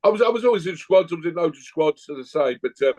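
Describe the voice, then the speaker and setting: A man's voice: on the high side, animated, fast talker, a little mellow, poor audio. Bloke in his fifties, blunt jokey stories, casual podcast chat. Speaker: guest.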